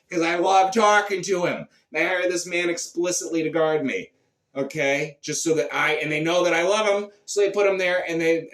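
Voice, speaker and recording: A man performing a profane comic rant, shifting between low mutters and sudden shouts. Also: reverberant, far from the mic. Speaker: comedian. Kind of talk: character comedy monologue.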